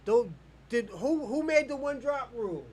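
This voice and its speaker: A man's voice: very high-pitched, animated, measured pace, a little mellow. An American man hosting an online show, arguing bluntly and profanely in a heated live debate. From United States.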